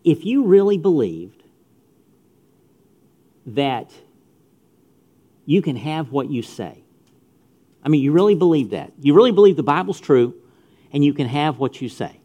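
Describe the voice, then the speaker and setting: A man's voice: fairly high pitch, big pitch swings, measured pace, pauses often, dark tone, dull audio. A middle-aged man preaching a sermon to young people, emphatic, repeating phrases and speaking straight to his listeners. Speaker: pastor. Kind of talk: sermon to youth.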